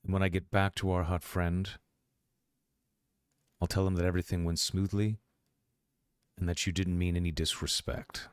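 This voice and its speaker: A man playing a smooth-talking male doctor in a tabletop role-play, courteous but quietly menacing. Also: deep voice, flat delivery, no room sound, studio quality, natural voice. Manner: courteous, measured and veiled threats.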